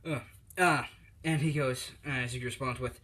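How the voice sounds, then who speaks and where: A man's voice: mid-range voice, steady tone, moderate pace, pushed and bright, breathy edge. A young man casually retelling a fan story, rambling with lots of fillers and restarts.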